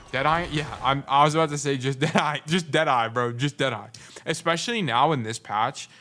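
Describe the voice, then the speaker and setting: A man's voice: mid-range voice, a bit bright. A young adult man giving casual gameplay review commentary as a coach, blunt and teasing, repeating his points for emphasis. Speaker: game coach.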